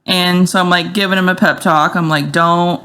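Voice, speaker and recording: A woman in her thirties co-hosting a casual podcast, telling animated stories with sound effects. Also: lowish voice, a little fast. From United States. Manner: animated storyteller, acts out scenes with sound effects. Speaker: podcast co-host. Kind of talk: casual chat.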